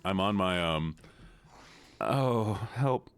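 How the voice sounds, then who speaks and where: A man's voice: a little high, sing-song, moderate pace, fairly bright tone. A man hosting a casual gaming stream, giggly, easily distracted and playfully whiny. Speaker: streamer and host.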